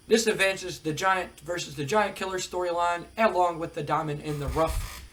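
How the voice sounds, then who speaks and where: A man with a high voice casually recaps a wrestling sim, thinking aloud between results. His delivery is relaxed and easygoing, with plenty of ums and uhs. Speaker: let's-play narrator. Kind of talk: casual game commentary.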